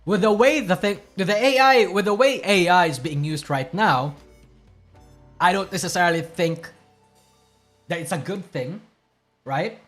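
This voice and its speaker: Brief: high-pitched male streamer, blunt and profane, rambling rant over faint music. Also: unhurried, pauses often, a bit bright. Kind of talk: casual reaction stream commentary.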